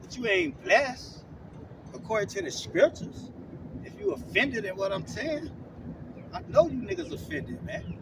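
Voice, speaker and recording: A man with a very high voice preaches in a blunt, scolding way, ending almost every phrase with "man" or "all right?". He stands back from the mic outdoors, and clear traffic noise carries under his voice. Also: lively intonation, moderate pace, distant mic. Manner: scolding, blunt, profane street talk. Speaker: street preacher teaching scripture. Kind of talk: confrontational online sermon.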